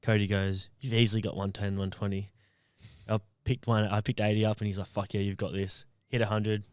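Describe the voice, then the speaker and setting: Male co-host; jokey banter, lowish voice, dry room, slightly off-mic. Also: little pitch movement, a little fast, a little mellow, clean tone, no room sound. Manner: joking, laughing banter. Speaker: podcast co-host. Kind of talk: casual chat.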